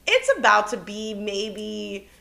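A young woman co-hosting a podcast, telling a story in casual chat, animated and cursing freely, laughing as she goes. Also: mid-range voice, takes it slowly, gravelly, slight background noise. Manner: animated, swears often, laughs through her story. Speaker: podcast co-host.

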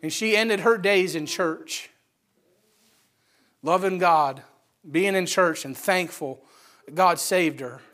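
A male preacher telling a story in a sermon at church, building to fervent, near-shouted passages. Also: sits high, takes it slowly, long pauses.

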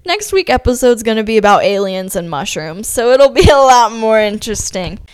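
A woman's voice: fairly high pitch, big pitch swings, moderate pace, smooth, no echo, studio quality. A young woman from Ohio hosting her own podcast, talking in a chatty, upbeat way with a lot of "like" fillers. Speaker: podcast host. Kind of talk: casual solo podcast monologue.

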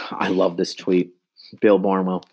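A man's voice: low voice, monotone, slow pace, noisy background. A man in his twenties giving an exasperated, profane sports rant into a handheld mic, repeating himself. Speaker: sports fan vlogger.

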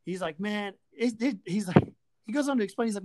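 A woman hosts a sports talk show, ranting sarcastically and profanely about a rival team in podcast-style chat. Her voice sits in the mid-range, a touch mellow, and she speaks a little fast.

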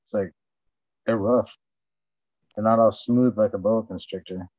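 A man's voice: on the low side, steady tone, a little slow, darkish tone, no echo. A man telling rambling, profane stories in casual chat and acting out what people said. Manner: profane storytelling, acts out quotes. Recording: dull dry lo-fi sound.

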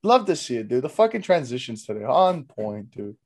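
A young man hosting a casual comedy podcast, joking around loudly and swearing freely. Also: mid-range voice, very animated, fairly quick. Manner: loud, profane, joking banter. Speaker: podcast host.

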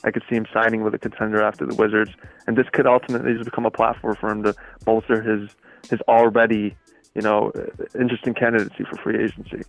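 A man's voice: fairly low pitch, level tone, fast talker, creaky, faint music behind, poor audio. A man appearing as a guest sports writer on a podcast, giving confident, emphatic opinions. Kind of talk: casual sports chat.

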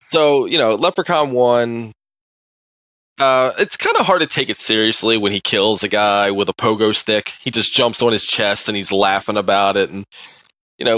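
A man co-hosting a podcast, telling stories in an animated way, laughing often and swearing casually. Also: on the low side, normal speed, no echo, muffled recording. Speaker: podcast co-host. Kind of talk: casual chat.

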